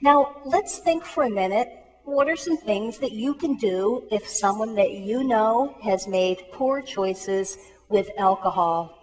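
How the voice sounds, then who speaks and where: A woman's voice: medium pitch, animated, takes it slowly. A woman who works in an emergency room tells a cautionary story to students. She acts out the dialogue of the people in it. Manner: earnest storytelling with acted-out dialogue. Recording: long reverb of a big hall.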